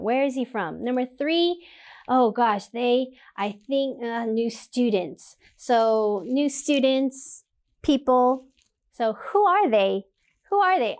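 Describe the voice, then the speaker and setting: A woman teaching an English grammar lesson, reading example dialogues aloud and repeating questions to show the intonation. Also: a little mellow. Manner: slow, reads example sentences aloud with rising pitch.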